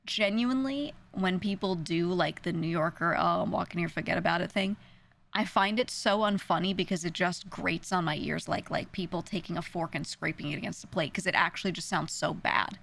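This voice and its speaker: A woman's voice: on the low side, normal speed, fairly bright tone. A young woman with a New York accent, a streamer ranting in casual chat, full of "like" and swearing.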